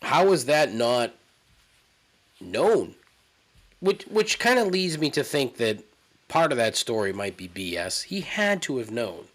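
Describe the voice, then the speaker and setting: A man's voice: mid-range voice, sing-song, a little slow, pauses often, fairly bright tone. A man hosting a solo podcast, telling a story in a rambling, profane, incredulous way. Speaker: podcast host. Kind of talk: casual solo monologue.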